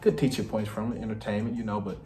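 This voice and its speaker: A man, hosting a reaction video and giving blunt, profane, animated commentary. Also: lowish voice, fast. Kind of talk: casual commentary. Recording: echoey room with faint music.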